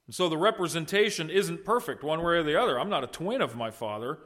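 A middle-aged male pastor delivering a sermon. His voice sits a little high for a man. He preaches earnestly, rising loud and falling soft as he makes his points. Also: animated, fast talker. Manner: earnest preaching with wide swings in loudness and pitch.

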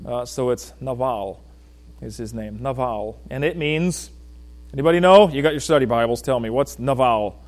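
A man preaching a sermon in a folksy, joking way, talking straight to people in the congregation and swinging from loud emphasis to quiet asides. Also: medium pitch, brisk. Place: church.

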